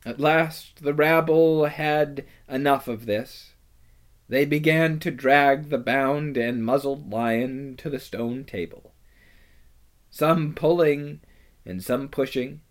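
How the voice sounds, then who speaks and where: A man reading a storybook aloud in a measured, dramatic way. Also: mid-range voice. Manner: slow, measured, dramatic delivery. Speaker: narrator.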